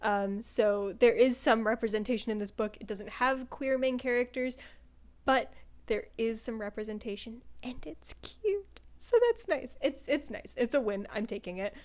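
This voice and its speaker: A woman's voice: fairly high pitch, steady tone, moderate pace. A young woman in casual chat, reviewing a book in a rambling way with lots of fillers. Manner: chatty, rambling, full of "like" and "um" fillers.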